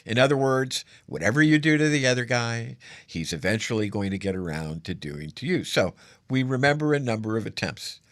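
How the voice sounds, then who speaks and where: A man's voice: medium pitch, sing-song, a little fast, dry recording. A man hosting solo political commentary, sarcastic and emphatic, stacking up adjectives as he argues.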